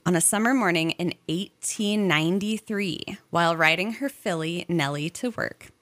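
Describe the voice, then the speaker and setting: A woman's voice: fairly low pitch, normal speed, fairly bright tone, dry recording. A woman from a local museum, reading out a local history story with conversational asides.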